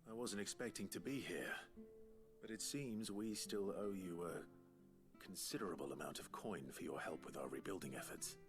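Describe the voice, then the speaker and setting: An actor voicing an earnest young lord who speaks in a measured, sincere way in a video game. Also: male voice, low-pitched, music in the background, lightly acted. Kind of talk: game voice acting.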